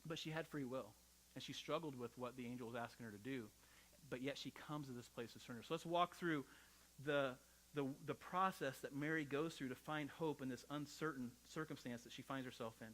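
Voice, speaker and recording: A man's voice: mid-range voice, brisk, a bit bright, rough recording. A middle-aged male pastor preaching a sermon in a conversational, personal storytelling style, often checking in with "right?".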